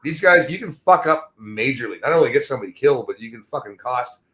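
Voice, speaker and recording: A man hosting a podcast, talking very quickly and pressing his points hard. He swears freely and keeps jumping in over the other speaker. His pitch is in the middle range. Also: expressive, a bit bright. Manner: emphatic, profane, talks over the other speaker. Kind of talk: casual podcast chat.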